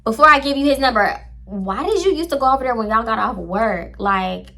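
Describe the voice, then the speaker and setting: A woman's voice: on the high side, lively intonation, a little fast, gravelly, pushed and bright, heavily acted. A woman voicing a gossipy young female friend who keeps pressing with insistent questions. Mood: needling.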